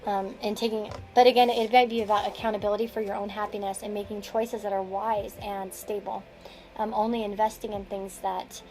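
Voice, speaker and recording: A woman's voice: medium pitch, darkish tone, poor audio. A woman giving a casual tarot reading, rambling and restarting her sentences with frequent chuckles. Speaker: tarot card reader.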